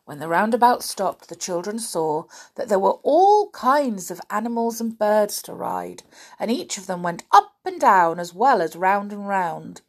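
A woman's voice: medium pitch, sing-song, unhurried. A woman reading a children's storybook aloud expressively, speaking to a young listener.

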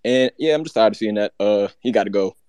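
Fast-talking low-voiced man ranting. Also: darkish tone, clean tone, no echo. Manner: rapid, heated, run-on ranting. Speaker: co-host. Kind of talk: casual sports rant.

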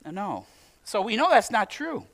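High-voiced pastor preaching conversationally. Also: male voice, sing-song, measured pace, gravelly, a bit bright. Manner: conversational, humorous preaching with direct questions to the congregation. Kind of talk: sermon.

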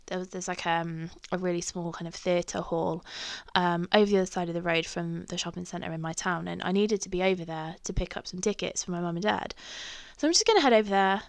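A woman's voice: on the low side, a little fast, dry recording. Young woman, English accent, casual storyteller, swears a lot, dry recording. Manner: chatty, swears freely, acts out her own reactions. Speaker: podcast host.

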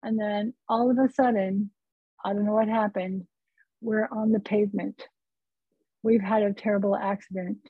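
A woman from California, a psychotherapist guest, telling a personal story in an earnest, unhurried way over a remote call. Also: medium pitch, steady tone, slightly rough, dry recording. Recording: tinny phone-like line, dry.

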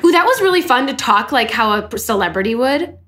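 Woman, podcast co-host, casual chat, giggly, playful, lively swooping voice. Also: a little high, a little fast.

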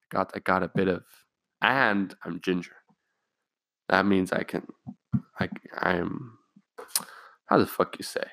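A young man with a lowish voice rambling through a story, cursing freely and talking offhand. The sound is close and dry, with no room echo. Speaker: vlogger. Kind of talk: casual storytelling.

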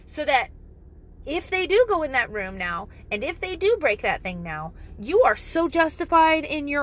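A woman's voice: high-pitched, sing-song, moderate pace, rough recording. A woman talking casually to camera with parenting advice, blunt and profane, joking and exaggerating as she goes.

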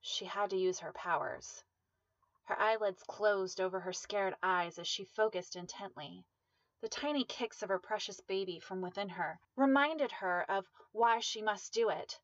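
Woman reading a dark story out loud, measured, dull dry sound. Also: mid-range voice, no room sound. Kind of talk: reading a dramatic story aloud.

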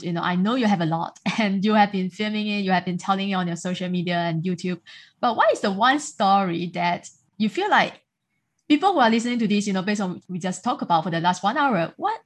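A woman hosting a podcast, asking her guest long, encouraging questions. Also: mid-range voice. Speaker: podcast host. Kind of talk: interview questions.

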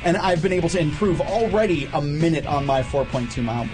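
A man's voice: a little high, fast, over music. A man chatting on a radio show, eagerly explaining how something works. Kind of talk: casual chat promo clip.

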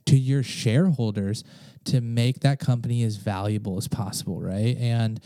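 A man's voice: mid-range voice, fairly even intonation, normal speed, dark tone, no echo. A man hosting a podcast, talking casually, laughing often and swearing freely. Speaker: podcast host. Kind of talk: casual conversation.

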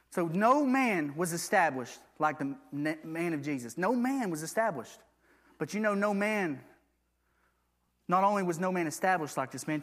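A man's voice: on the high side, fairly bright tone. A man preaching a sermon, reading scripture aloud and asking the congregation for agreement.

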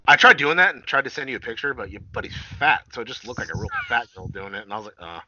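A young man co-hosting a casual podcast, swearing freely and laughing through animated, crude stories. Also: mid-range voice, fast, highs cut off.

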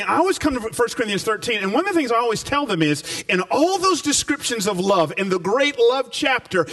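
A male pastor preaches to a congregation in a church, his fairly high voice rising and falling in wide, lively swings. He slows down and repeats key phrases for emphasis, and the sound is caught from some distance off the mic. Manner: animated preaching with slow emphatic repetition. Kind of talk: sermon. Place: church before a live congregation.

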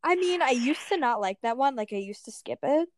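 A woman's voice: sits high, animated, fairly quick, slight background noise. Chatty young woman, filler-heavy. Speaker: podcast co-host. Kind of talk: casual chat reviewing songs.

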